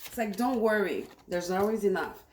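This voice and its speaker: A woman's voice: medium pitch, expressive, normal speed, darkish tone. A woman giving a casual, enthusiastic tarot reading to camera, repeating herself as she talks. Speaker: tarot reader. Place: home room, cooking on stove nearby. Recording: echoey room with faint noise.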